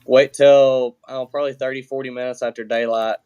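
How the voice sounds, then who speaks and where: A man guesting on a podcast, telling a story at a relaxed, unhurried clip. His delivery is plainspoken and rambling, full of fillers and restarts. He swears now and then, sitting at a middle pitch. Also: clean tone, muffled recording. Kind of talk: casual storytelling.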